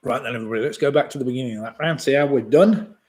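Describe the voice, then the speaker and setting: A man's voice: medium pitch, racing, a little mellow. A man in his sixties hosting a live online pub quiz. He reads each question twice and chuckles at his own jokes. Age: 60s.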